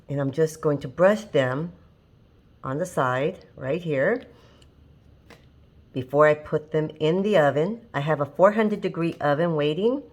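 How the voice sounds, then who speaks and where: A woman hosting a home cooking show, talking through a recipe step by step in a chatty, homey way and often laughing at herself. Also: low-pitched. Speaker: home cooking channel host. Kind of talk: casual cooking demonstration. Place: home kitchen.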